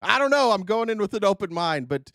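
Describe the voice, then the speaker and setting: A man putting on a gullible, high-pitched event-goer. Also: big pitch swings, a little fast, fairly bright tone, no room sound, studio quality, heavily acted. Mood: incredulous. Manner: mocking, exaggerated incredulity. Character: gullible, clueless event-goer amazed by old news.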